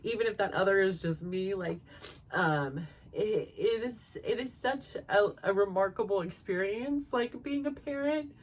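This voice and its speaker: A woman in her forties, hosting her own podcast, tells a heartfelt personal story at a medium pitch. She rambles with plenty of "like" and "you know", and now and then laughs through tears. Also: measured pace. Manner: rambling, full of likes and you-knows. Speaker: podcast host.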